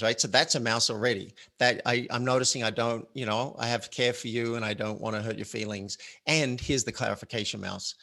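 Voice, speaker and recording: A man's voice: medium pitch, fairly even intonation, fairly quick, creaky, hardly any pauses, pushed and bright. A man hosting a casual conversation, talking in an earnest, reflective way and explaining ideas with simple analogies. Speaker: author and show host.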